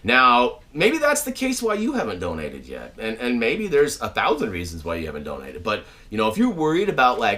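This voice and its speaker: A man's voice: medium pitch, fairly quick, few pauses. A man hosting his own channel from home, chatting casually to viewers with plenty of fillers and restarts. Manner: animated and chatty, many fillers and restarts, shouts out names. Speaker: channel host. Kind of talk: casual video update to viewers. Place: at home, indoors.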